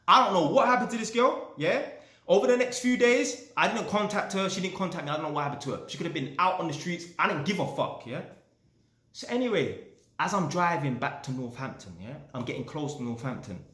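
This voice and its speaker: A man's voice: on the high side, lively intonation, fairly quick, fairly bright tone, reverberant. A man telling a story casually, swearing often and ending lines with "yeah?". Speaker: vlogger.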